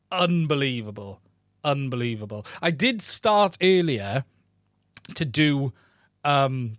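A man's voice: mid-range voice, a bit bright, dry recording, studio quality. A man hosting a weekly tech live stream, casually chatting and greeting viewers by name.

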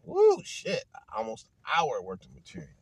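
Husky, animated man telling stories. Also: on the low side, moderate pace, no echo. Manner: animated storyteller, heavy cursing, laughs often. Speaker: podcast host. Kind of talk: casual chat.

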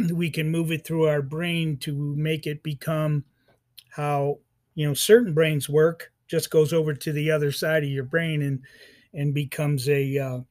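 A man hosting an interview podcast, asking questions in a halting way with many restarts. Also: fairly high pitch, flat delivery, darkish tone. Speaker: podcast host. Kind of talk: conversational interview.

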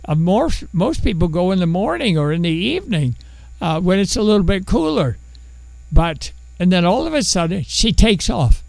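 A man preaching a sermon, telling a Bible story in animated, conversational fashion and acting out the characters. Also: high-pitched, measured pace, creaky, no room sound, low-quality recording. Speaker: pastor.

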